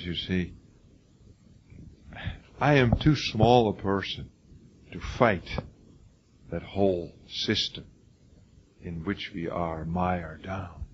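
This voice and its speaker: An older man giving a college classroom lecture, emphatic and prone to restarts, calling on students by name. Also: fairly low pitch. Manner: frequent restarts and repeated words. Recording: lo-fi classroom recording with faint noise.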